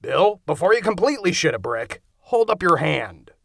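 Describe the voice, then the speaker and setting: A man's voice: on the high side, sing-song, normal speed, gravelly, fairly bright tone, no echo, clean studio sound, pitched above the performer's own voice, exaggerated voice. A man voicing an eager, goofy young man with impulsive ideas, in an audiobook reading.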